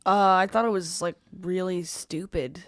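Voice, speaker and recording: A woman co-hosting in casual chat, blunt and giggly, quick to agree. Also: fairly low pitch, steady tone, dry recording, studio quality.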